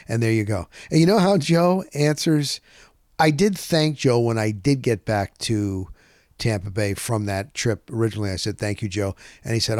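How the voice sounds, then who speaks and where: A man hosting a podcast, telling a rambling, excitable story in a casual monologue and punching points with "boom.". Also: moderate pace, no room sound, clean studio sound. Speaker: podcast host.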